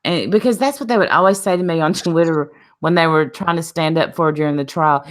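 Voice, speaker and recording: A woman panelist in a casual chat over a video call, emphatic and quick to jump in. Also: sits low. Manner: emphatic, talks over others with restarts.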